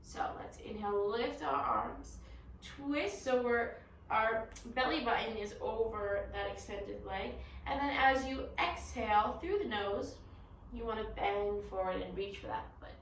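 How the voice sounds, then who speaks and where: A young woman teaching a children's yoga class, giving gentle, encouraging instructions. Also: mid-range voice, unhurried, a little hiss or hum. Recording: echoey room, mic at a distance.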